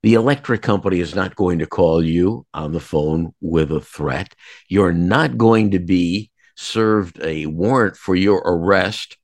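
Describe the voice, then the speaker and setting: A man interviewing a guest, stating points calmly and firmly. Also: low voice, unhurried, no echo, studio quality. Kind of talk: interview chat.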